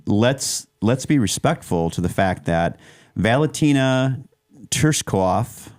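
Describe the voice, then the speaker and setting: A man's voice: mid-range voice, lively intonation, slow, dry recording, clean studio sound. A man co-hosting a podcast in casual chat, rambling with many restarts and fillers. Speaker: podcast co-host.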